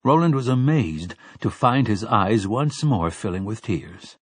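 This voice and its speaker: A man narrating an audiobook in a steady, measured reading. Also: fairly low pitch, husky, no echo. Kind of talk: scripted narration.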